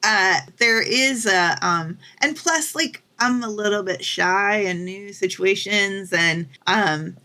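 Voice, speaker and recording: Woman, young, podcast co-host, chatty, bright clear tone. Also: mid-range voice, slow, hardly any pauses. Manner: chatty, many fillers, animated when quoting people. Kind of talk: casual chat.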